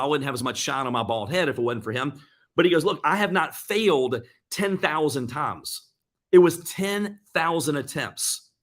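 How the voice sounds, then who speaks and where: An earnest man gives a motivational talk, slightly higher-pitched than most men. He retells comeback stories in quick bursts, often restarting his sentences. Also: a bit bright. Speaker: motivational speaker.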